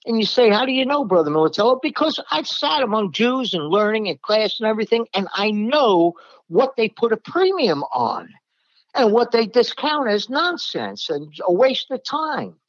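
A man's voice: sits high, sing-song, unhurried, no echo, muffled recording. A man from New York preaching a blunt, emphatic Bible-teaching sermon in a plain-spoken way.

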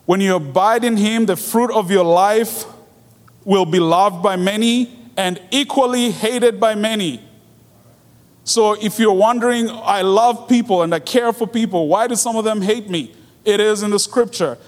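A man's voice: sits high, unhurried. Earnest preacher man in a reverberant hall. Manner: earnest, repeats key phrases for emphasis. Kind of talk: sermon.

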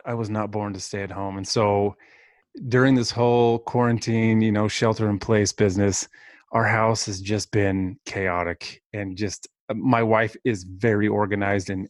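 A man's voice: lowish voice, no echo, studio quality. A man in his thirties casually telling a rambling, self-deprecating story as a podcast co-host.

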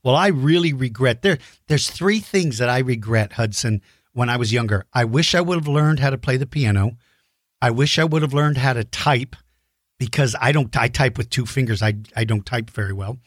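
A low-voiced woman chats playfully with a child over a video call, her voice leaping around as she jokes and teases. She throws in silly sound effects, and the sound is dry and close. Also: lively intonation, normal speed, dry recording. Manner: teasing, jokey, bursts into silly high sound effects. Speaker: host. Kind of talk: playful chat with a child guest.

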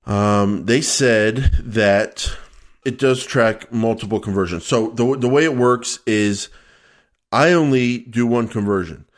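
A man's voice: lowish voice, slow. Playful male podcast co-host. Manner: playful, rambling explainer. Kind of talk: casual podcast chat.

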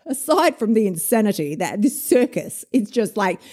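A woman, a weight loss coach telling a story in a casual monologue, animated, swearing and laughing often. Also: medium pitch, moderate pace.

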